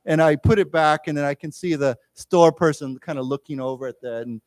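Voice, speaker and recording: A man in a library lecture room leads an English vocabulary lesson, explaining each word at a patient pace and having the class repeat it back. His voice sits a little high for a man, and the sound is close and dry. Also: a little fast, no echo. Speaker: English teacher.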